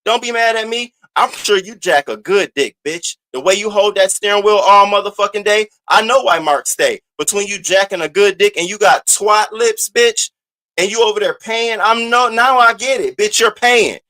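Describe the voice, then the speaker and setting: A man's voice: high-pitched, normal speed, bright, forceful tone. A man hosting a live stream, ranting and taunting a rival with profane trash talk. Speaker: host. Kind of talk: roast-style live rant.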